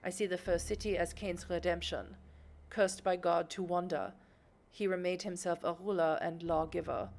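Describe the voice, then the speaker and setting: A woman reading the lines of a scholarly male vampire companion who tells an old legend in a measured tone. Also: on the low side, close to an everyday voice.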